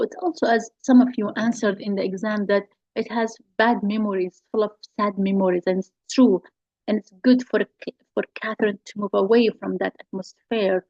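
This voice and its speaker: A woman's voice: medium pitch, steady tone, normal speed, a little mellow, dry recording, muffled recording. A woman teacher explaining a play scene to her class. She talks in an explanatory way and repeats her key points.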